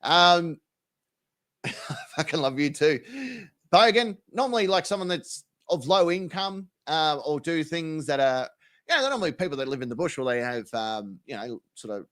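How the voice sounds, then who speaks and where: A man's voice: fairly high pitch, fairly bright tone. An Australian man, the host, giving casual, sweary, slang-filled reaction commentary and explaining local words.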